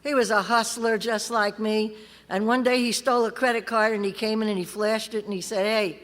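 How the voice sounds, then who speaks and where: A woman's voice: a little high, fairly even intonation, brisk, a bit bright. A middle-aged woman telling her recovery story at a convention, wry and streetwise, laughing as she goes. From California. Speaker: AA convention speaker. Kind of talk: recovery talk, personal story. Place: convention hall. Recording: live convention hall reverb.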